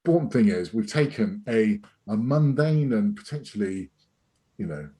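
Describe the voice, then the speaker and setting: A middle-aged man speaks over a video call as a sales trainer, his voice low and husky with a mellow, dark tone. He rambles through his points with frequent restarts and fillers. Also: animated, moderate pace.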